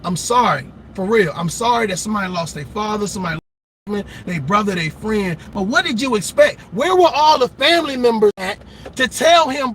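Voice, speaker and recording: Fired-up high-voiced man ranting. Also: expressive, a little fast, fairly bright tone, a little hiss or hum. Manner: impassioned, profane, preachy. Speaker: reaction channel host. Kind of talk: ranting commentary.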